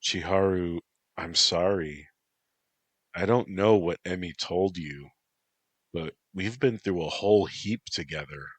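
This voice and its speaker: A man voicing a sarcastic young man weighed down by guilt, speaking in a low, slow voice. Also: slightly rough, dry recording, full character voice. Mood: remorseful. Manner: sarcastic, quietly remorseful.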